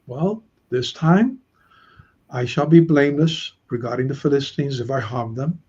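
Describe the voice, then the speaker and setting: A man voicing Samson as a threatening biblical strongman, a little higher and slower than his own voice. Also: husky, lo-fi sound. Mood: calm, smug. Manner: slow and smug, then loud and angry.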